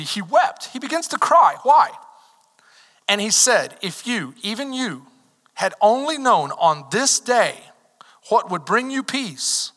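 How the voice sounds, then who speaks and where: A man preaching a sermon as pastor, swinging from shouted lines down to near whispers. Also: high voice. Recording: reverberant hall.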